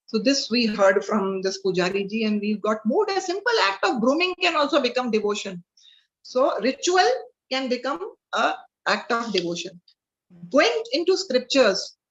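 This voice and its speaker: Earnest Indian woman on a video call. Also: on the high side. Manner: earnest, mixes in Hindi, frequent fillers. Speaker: spiritual class speaker. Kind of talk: devotional storytelling talk. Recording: dull lo-fi video call audio.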